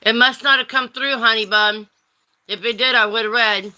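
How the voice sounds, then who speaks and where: A woman's voice: fairly high pitch, steady tone, moderate pace, sharp tone, smooth. A woman hosting a casual livestream, reading chat and teasing viewers with pet names like honey and darling.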